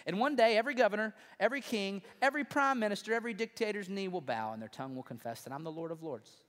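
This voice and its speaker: A man voicing a calm, authoritative king in an acted quote, firm and declaring. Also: sits high, fast talker. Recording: long reverb in a large hall.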